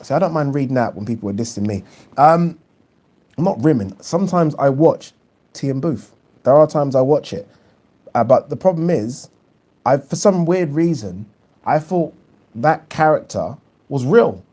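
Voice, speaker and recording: Chatty man with a mellow voice. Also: medium pitch, lively intonation, normal speed. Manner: chatty, opinionated, frequent ums and repeats. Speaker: boxing channel host. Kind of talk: casual live-stream chat, reading viewer questions.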